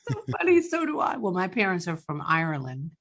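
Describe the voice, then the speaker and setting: A chatty woman with a Long Island New York accent hosts an interview show, joking and laughing easily as she talks. Her voice sits a little low for a woman. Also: sing-song, fairly quick. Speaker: podcast host. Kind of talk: casual interview chat.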